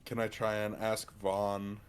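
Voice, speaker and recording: A man's voice: lowish voice, completely flat delivery, measured pace, clear, resonant tone. A man playing a tabletop game, hesitant at times and joking dryly. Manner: hesitant, then dry joking. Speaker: player. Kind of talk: casual tabletop play.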